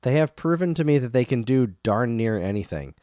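A man's voice: mid-range voice, very animated, brisk, warm tone, no room sound, studio quality. A man in his thirties co-hosting a casual chat show, rambling off on tangents. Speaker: podcast co-host.

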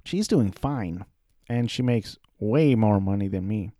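A man in his thirties talking casually about his life, rambling and self-deprecating, with halting restarts. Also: on the low side, lively intonation, dark tone, no echo, studio quality. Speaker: aspiring voice actor. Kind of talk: casual personal monologue.

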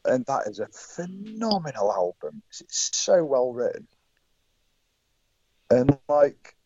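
A man's voice: mid-range voice, big pitch swings, slow pace, dark tone, dull audio, a little hiss or hum. An English man guesting on a podcast, with an English accent and a wry, teasing way of talking. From England. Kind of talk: casual podcast banter.

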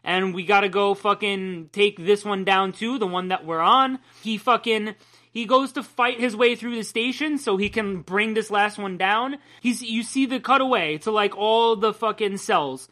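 A man's voice: high-pitched, moderate pace, pushed and bright. A man co-hosting a podcast, ranting casually and profanely about comics and laughing often. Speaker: podcast co-host. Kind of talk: casual comic book chat.

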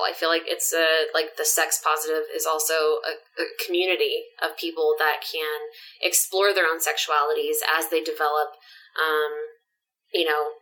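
A woman's voice: deep voice, bright, forceful tone, rough recording. A woman co-hosting a casual podcast, playful and chatty, with lots of "like" fillers. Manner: playful and teasing, many "like" fillers. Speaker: podcast co-host.

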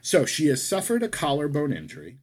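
A man's voice: on the high side, wildly swooping pitch, a little fast, a little mellow. A man co-hosting a casual wrestling podcast, talking in a rambling way that keeps correcting itself. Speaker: podcast co-host.

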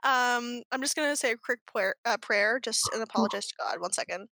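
A woman's voice: fairly high pitch, a little fast, sharp tone, no room sound. A woman co-hosting a show, reading fanfiction aloud in a mock-earnest, giggly way. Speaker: podcast co-host.

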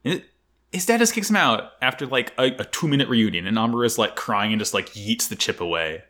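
A man's voice: mid-range voice, fast. A man co-hosting a casual podcast, recapping an anime episode with jokes, swearing and frequent laughter. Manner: animated, laughs often, swears, jokey. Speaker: podcast co-host.

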